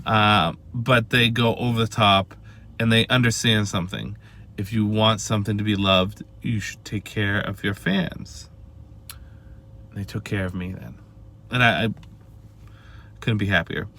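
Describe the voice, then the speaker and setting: Casting: bright-voiced male vlogger, excitable fan rant, lots of cursing and restarts. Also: fairly low pitch, a little slow, pauses often. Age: adult with a wife and family. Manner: swearing, emphatic, stammering restarts.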